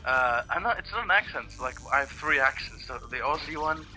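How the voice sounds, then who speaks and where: Chatting casually while playing a video game, a man co-hosting a let's play speaks in a fairly high, animated voice that is brisk, bright and forceful. His talk is rambling and profane, and he frequently searches for words.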